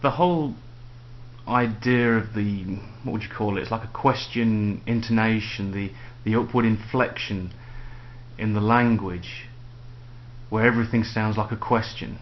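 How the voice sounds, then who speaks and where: A man's voice: lowish voice, unhurried. A man ranting sarcastically to camera in a casual vlog at home. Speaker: vlogger. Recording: dull lo-fi home video with faint noise.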